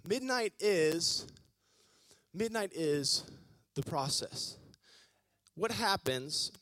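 A male preacher giving an energetic, joking sermon and calling on the congregation to respond. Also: high voice, drawn-out words, no echo. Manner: energetic, joking, calls on the audience.

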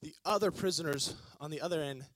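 A male preacher giving an energetic, joking sermon and calling on the congregation to respond. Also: on the high side, fast talker, no room sound. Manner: energetic, joking, calls on the audience.

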